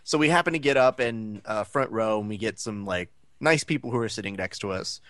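On a cleanly recorded, dry studio track, a man with a lowish voice talks briskly as a podcast co-host. His casual chat is full of animated storytelling, where he performs the quotes of the people involved.

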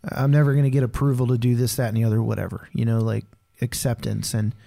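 A man's voice: medium pitch, flat delivery, fast talker, creaky, warm tone. A man co-hosting a casual faith podcast, talking candidly and rambling, with lots of fillers like "dude" and "man.". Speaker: podcast co-host.

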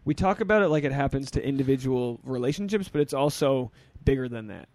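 A man's voice: medium pitch, lively intonation, fast, darkish tone, dry recording. A man hosting a podcast, chatting casually with wry, teasing remarks. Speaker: podcast host. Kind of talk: casual chat.

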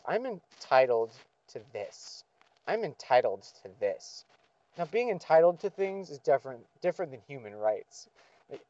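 A man's voice: fairly high pitch, a little mellow, no room sound. Sweary, sardonic man ranting, muffled recording. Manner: sardonic, swears heavily, sighs. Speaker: vlogger. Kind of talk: profane venting monologue.

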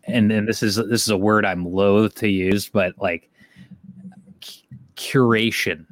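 A man's voice: on the low side, steady tone, measured pace, dry recording. A middle-aged man from the Detroit area chatting casually as a podcast host, rambling and swearing offhandedly. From Detroit area, Michigan. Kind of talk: casual chat.

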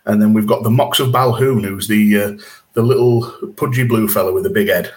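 A man with a Yorkshire accent talks in a low, easy register. He co-hosts a casual podcast, chatty, and he swears freely. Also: steady tone, fairly quick, a little mellow. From England. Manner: chatty, swears, laughs between points. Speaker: podcast co-host.

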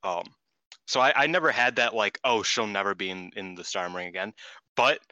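A man on a casual podcast, talking in an excitable, restless way and swearing freely. His voice is very bright and forward, recorded dry and close with no room sound. He trips over his words and restarts often. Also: lowish voice, fairly quick, dry recording. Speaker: podcast co-host. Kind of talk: casual chat.

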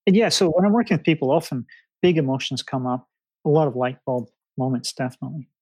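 A man, a guest on an interview podcast who tells lively stories and acts out other people's reactions. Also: medium pitch, fast talker, dry recording. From Scotland. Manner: animated storyteller, acts out clients' reactions. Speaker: guest, past-life reader. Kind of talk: casual interview chat.

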